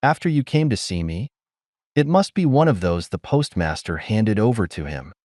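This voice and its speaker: An earnest young college girl speaks her mind plainly, her voice rising and falling with plenty of life, played by a man reading aloud. The delivery is direct and a little indignant, with a soft low edge from the reader. It sounds dry and close, with no room around it. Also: sing-song, moderate pace, dry recording. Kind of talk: audiobook character voice.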